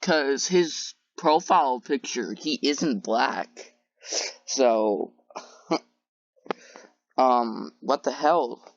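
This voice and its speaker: A woman's voice: extremely low pitch, drawn-out words, pauses often, dry recording. A woman commentating on clips in a sarcastic, incredulous way, with many hesitant fillers. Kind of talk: reaction commentary. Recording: dull lo-fi dry recording.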